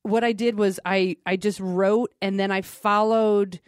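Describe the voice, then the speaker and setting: A woman's voice: mid-range voice, steady tone, unhurried, clear, resonant tone, no echo, clean studio sound. Chatty storytelling woman comedian. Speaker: comedian guest. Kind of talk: casual chat.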